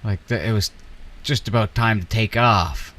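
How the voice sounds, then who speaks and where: Young man, casual gameplay commentary, angry swearing rants, lowish voice, faint background noise. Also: normal speed, fairly bright tone. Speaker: flight sim streamer.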